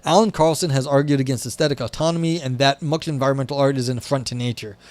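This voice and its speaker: Here the same kind of casual stream plays out: a young man reading philosophy, interrupting himself with wry, profane remarks, restarts, and plenty of "like." He talks fast in a steady, slightly mellow mid-range voice, with no room sound, at an indoor desk near a window.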